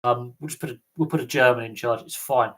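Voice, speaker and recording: A man's voice: mid-range voice, fast talker, fairly bright tone. A man from Britain hosting a live sports Q&A stream, chatting casually and rambling with lots of ums and uhs. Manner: rambling, chatty, many fillers. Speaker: livestream host.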